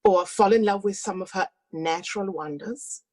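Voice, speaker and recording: A woman's voice: medium pitch, normal speed. A woman hosting a streamed cabaret, introducing the next act in a playful, teasing, flirtatious manner. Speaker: host.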